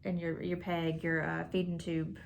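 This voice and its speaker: A woman telling her family's hospital story in a casual sit-down, halting and full of fillers and restarts. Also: fairly low pitch, flat delivery, gravelly, a little hiss or hum.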